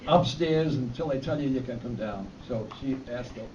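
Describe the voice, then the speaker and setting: A man's voice: medium pitch, normal speed. A man telling jokes at a fundraiser, rambling through his setups and laughing at his own punchlines. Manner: rambling joke delivery with restarts and fillers. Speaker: amateur comedian at a fundraiser. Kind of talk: telling jokes to a live audience. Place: event hall with a live audience. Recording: distant, dull, with crowd noise.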